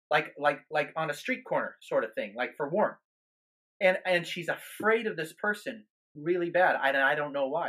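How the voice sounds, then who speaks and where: A man's voice: on the high side, fairly bright tone. A man who is a guest minister on a podcast, telling a story in an earnest way, with many restarts and repeated words.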